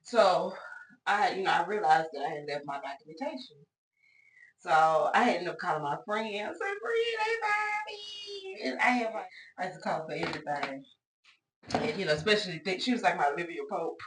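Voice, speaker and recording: A woman's voice: low-pitched, a little fast, slight background noise. A woman vlogger chatting through a casual get-ready-with-me storytime at home, talking straight to her viewers as y'all and acting out the voices of people in her story. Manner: acts out voices in retold conversations. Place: at home doing her makeup.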